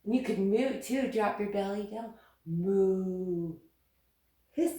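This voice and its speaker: A woman's voice: mid-range voice, fairly even intonation, normal speed, warm tone. A young woman leading a playful yoga class for children, coaxing and sing-song, and making animal sounds as she goes. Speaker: kids yoga teacher. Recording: very echoey room, voice from a distance.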